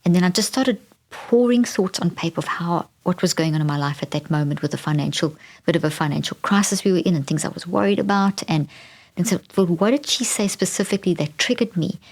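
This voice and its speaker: Low-voiced woman telling a candid story. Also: fairly quick, darkish tone. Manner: reflective, candid, with frequent restarts. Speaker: podcast host. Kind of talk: personal storytelling.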